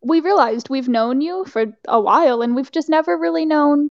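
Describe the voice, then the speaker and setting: Woman player, high voice, relaxed chat, lo-fi recording. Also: normal speed. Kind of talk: casual tabletop play.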